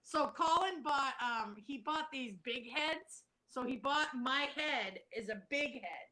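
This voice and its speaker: A woman hosting a casual live stream in a fairly high, bright voice. She is bubbly and loose, swearing easily and laughing often. Her talk stays chatty and informal. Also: lively intonation, takes it slowly, rough recording. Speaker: host.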